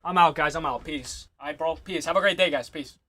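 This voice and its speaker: Young man, livestream host, high voice, loose and profane, dry close sound. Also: brisk, sharp tone, no room sound. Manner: loose and profane, exasperated, mocking. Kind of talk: casual livestream chat.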